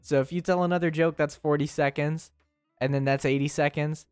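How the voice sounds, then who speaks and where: A young man streaming and chatting casually with his live chat, teasing and often breaking into high, squealing laughs. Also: steady tone, fairly quick, a little mellow, clean tone, no room sound, studio quality, soft background music.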